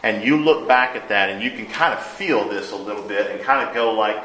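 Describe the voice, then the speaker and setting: A man preaching a sermon, earnest, rising to loud emphasis and dropping to hushed lines. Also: on the low side, brisk, hardly any pauses, roomy sound, slight background noise, low-quality recording. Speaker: pastor.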